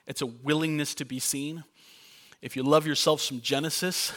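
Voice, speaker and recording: A man's voice: a little high, steady tone, moderate pace, fairly bright tone. A young adult man preaching a sermon as pastor, earnest and conversational with playful asides.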